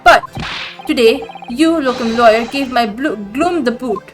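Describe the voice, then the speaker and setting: A woman voicing an excitable, nervous young man studying abroad, who gushes in tongue-twisting alliteration. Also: very high-pitched, unhurried, over music. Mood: gushing. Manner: flustered, alliterative gushing.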